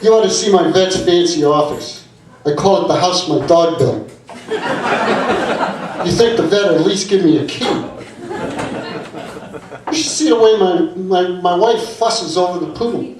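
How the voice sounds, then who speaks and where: A man's voice: high voice, a little slow, pauses often, a little mellow, a little hiss or hum. An older man performing stand-up, with chatty asides that prod the audience. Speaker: stand-up comedy student. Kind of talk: stand-up routine. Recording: echoey room from a distance, audience.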